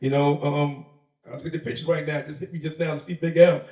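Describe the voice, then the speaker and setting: A Bronx man, a rapper and comedian, guests on a casual interview at a live event in a shop, laughing and streetwise as he tells animated stories and acts out the voices of the people in them. His voice is a little high and darkish, with a level tone and fast pace. The recording sounds roomy, with him a bit far from the mic.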